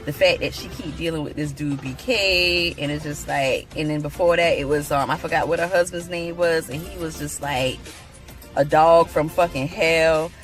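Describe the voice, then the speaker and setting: A woman's voice: deep voice, fairly even intonation, moderate pace, soft background music. A woman vlogger giving casual, opinionated commentary on a reality show, blunt and frank with plenty of swearing.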